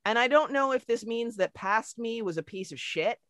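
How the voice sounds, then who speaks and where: A woman co-host talks quickly and animatedly in casual chat, with frequent swearing. Her voice sits at a middle pitch and sounds dry, with no room echo at all. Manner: animated, profane, quick-talking. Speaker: podcast co-host.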